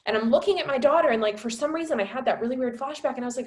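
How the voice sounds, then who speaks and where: A woman in her twenties, working as a wellness coach, shares her own story on a webinar, emotional and packed with filler words. She talks rapid-fire, and her voice climbs high and loud whenever she relives key moments.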